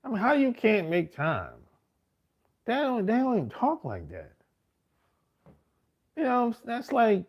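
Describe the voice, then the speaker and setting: A man's voice: very high-pitched, wildly swooping pitch, a little slow, long pauses, breathy edge, muffled recording. A middle-aged man, telling stories in a casual, boastful and profane monologue full of slang. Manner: profane, slangy street talk with frequent "man" and "bro"; boastful, swaggering. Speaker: host.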